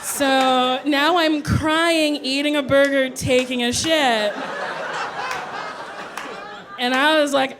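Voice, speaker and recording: A woman comedian telling a stand-up story with animated, loud acted-out quotes. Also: high voice, takes it slowly, long pauses, over music.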